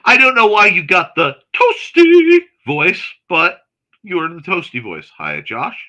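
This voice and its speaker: A man hosting a morning livestream, chatting casually and reading viewer comments aloud in a chatty, excitable way with snarky asides. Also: fairly high pitch, a little slow. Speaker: host of a morning livestream chat show.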